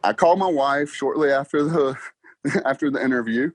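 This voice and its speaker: A young man chats about his work, acting out his own dialogue and laughing often. His voice is mid-pitched and lively. It sounds close and dry. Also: normal speed, dry recording. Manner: animated storyteller, acts out dialogue, laughs often. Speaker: podcast guest, car salesman. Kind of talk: casual interview chat.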